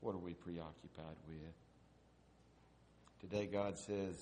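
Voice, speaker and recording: A man's voice: deep voice, steady tone, takes it slowly, mellow, a little hiss or hum. A man preaching a sermon, asking repeated rhetorical questions and building to emphatic peaks.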